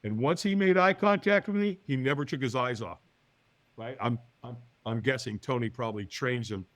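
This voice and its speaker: A man telling a personal story as a podcast guest, acting out the other people's lines in higher voices and often checking in with "right?". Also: normal speed, dry recording. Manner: acts out quoted voices, often with a higher pitch; lively, talks to the listener with "right?".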